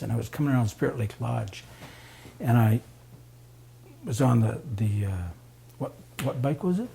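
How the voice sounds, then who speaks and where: A man telling a story in a casual spoken way. He gets animated, acts out the voices of the people he quotes, and laughs often. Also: mid-range voice, unhurried, creaky, pauses often, slight background noise. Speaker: storyteller guest.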